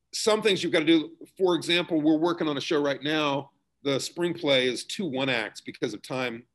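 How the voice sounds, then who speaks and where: A middle-aged man, a school theater director, explaining his work in a relaxed interview, talking conversationally with fillers and restarts. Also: mid-range voice.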